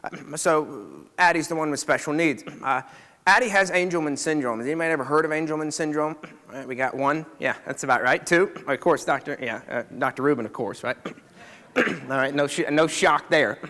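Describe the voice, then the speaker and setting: Speaking to a live crowd, this male chiropractor shares a story conversationally, frequently checking in with the people listening. His voice is fairly high, bright, and forceful, and he moves at a fairly quick clip. Reverb from the hall fills the recording.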